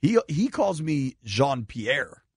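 A man's voice: mid-range voice, big pitch swings, slow, slightly rough, no echo. A man hosting a radio show, joking with his co-hosts in a dry, self-deprecating way in the studio. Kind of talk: casual studio banter. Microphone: studio mic with headphones.

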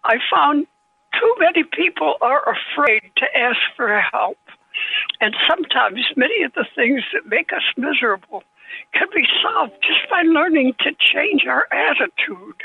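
A woman in her nineties, an author guest, telling anecdotes in a gentle, halting way with husky tone, heard over a phone line. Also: sits high, sing-song, no echo. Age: 90s. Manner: slow, gentle storytelling with halting restarts.

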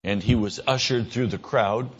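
A man preaching a sermon in an earnest voice, his pitch rising when he stresses a point or acts out a quick exchange. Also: breathy edge, lo-fi sound. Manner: earnest, rises in pitch for emphasis and mimicked dialogue.

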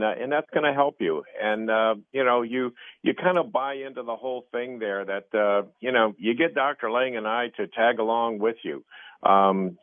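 A man's voice: on the low side, no echo. A man co-hosting a radio health show, talking earnestly and rambling with lots of fillers. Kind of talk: casual radio talk. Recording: tinny phone-like radio audio.

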